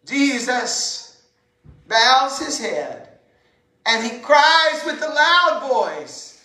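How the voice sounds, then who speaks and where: A woman preaches with deliberate, unhurried pacing and a bright, ringing tone. Her delivery is impassioned and swells into shouts. The sound carries the echo of a roomy church sanctuary. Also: high-pitched, very animated. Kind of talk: sermon.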